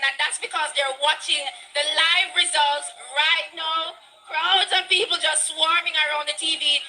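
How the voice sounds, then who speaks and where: A woman with a Jamaican accent reporting live for a news broadcast from a street, raising her voice and keeping a measured delivery. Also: sits high, pushed and bright, rough recording. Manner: raised voice over crowd noise, measured delivery. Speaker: field reporter. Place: outdoors on a busy street with celebrating crowds. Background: crowd cheering and music.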